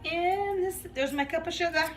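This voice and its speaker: A woman's voice: very high voice, moderate pace, music in the background, rough recording. A woman vlogging as she bakes in her home kitchen, chatting in a rambling way and laughing often. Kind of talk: casual chat while baking.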